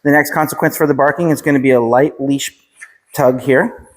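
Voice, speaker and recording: Calm American dog trainer in echoey room. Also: male voice, medium pitch, normal speed. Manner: calm, instructive, repeats short commands to the dog. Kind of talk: training demonstration explained to dog owners. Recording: reverberant room, faint background noise. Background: dog barking and clicks.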